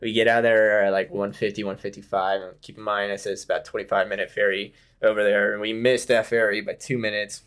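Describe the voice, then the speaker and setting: Young guy rambling through a wild night story on a podcast, lowish voice, chuckling a lot. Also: little pitch movement, quick pace, hardly any pauses, a bit bright, clear, resonant tone. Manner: rambling, laughs through his own story. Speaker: podcast guest. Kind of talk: casual storytelling.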